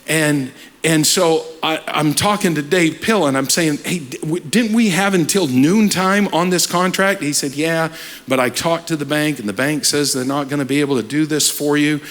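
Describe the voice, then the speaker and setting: A man's voice: a little high, moderate pace. A middle-aged man, a pastor telling a testimony story in a sermon, acting out the voices of the people in it. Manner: animated storyteller acting out quoted dialogue.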